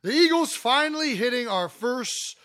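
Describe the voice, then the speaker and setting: This man from Ohio has a fairly high voice for a man and talks bluntly, needling his co-host with good-natured teasing. The sound is dry and close, with no echo at all. He is in his thirties and chats casually on a sports podcast. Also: animated, normal speed, pushed and bright.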